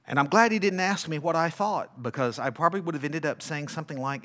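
This male pastor's voice is a little high, and he preaches at a quick pace with few pauses. During the sermon he reads scripture dramatically, moves between loud declarations and hushed asides, and puts questions to his congregation.

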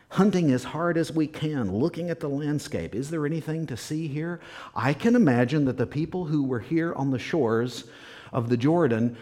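A man's voice: fairly high pitch, darkish tone. A man preaching a sermon as pastor, emphatic and repetitive, sometimes dropping to a near whisper. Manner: emphatic, repeats key words, drops to a whisper at times.

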